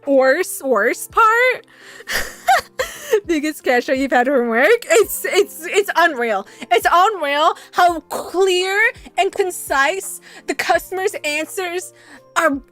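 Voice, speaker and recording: A young adult woman streamer chatting casually and telling a rambling, animated story, swearing freely as she goes. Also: extremely high pitch. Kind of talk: casual livestream chat.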